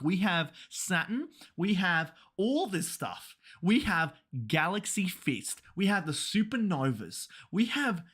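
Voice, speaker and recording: A woman giving live reaction commentary, excitable and swearing, stammering through restarts as her voice goes hoarse. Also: on the low side. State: voice going hoarse. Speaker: manga reaction streamer.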